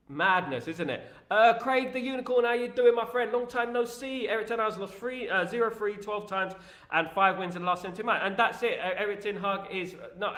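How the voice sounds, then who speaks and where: Animated high-voiced man ranting on a live stream. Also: echoey room. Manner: animated, repetitive and opinionated. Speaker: host of a fan live stream.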